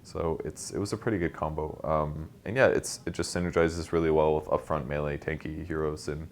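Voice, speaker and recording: A man giving casual esports game analysis, explaining tactics quickly with lots of fillers. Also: extremely low pitch, fairly even intonation. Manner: fast, knowledgeable, explaining tactics with many fillers.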